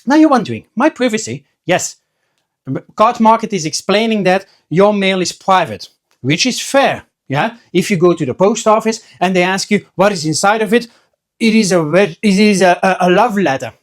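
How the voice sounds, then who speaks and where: A man's voice: sits high, animated, normal speed. A man who sells trading cards, talking casually to his viewers in a chatty, storytelling way, often restarting his sentences. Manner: chatty storyteller, acts out quoted voices, frequent restarts. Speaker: trading card seller and video host. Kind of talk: casual talk to camera.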